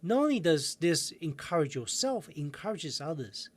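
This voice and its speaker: A man coaching viewers in a self-help video lesson, calm and guiding, slowing down with pauses for breathing exercises. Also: a little high.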